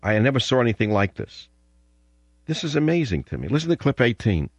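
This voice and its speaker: A man's voice: mid-range voice, very animated, fairly quick, slightly rough, no echo, lo-fi sound. An older man hosting a radio talk show, rambling and combative as he rants between clips. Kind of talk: opinionated radio monologue.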